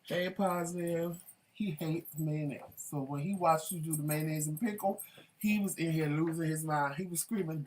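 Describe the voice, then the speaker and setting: A man hosting a casual home talk show, chatty and animated and quick to laugh. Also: a little high. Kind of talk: casual chat.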